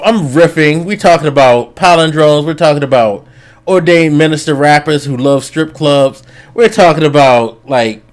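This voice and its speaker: A man hosting a casual podcast, ranting in exasperation and swearing freely. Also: on the high side. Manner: exasperated, profane rant. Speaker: podcast host.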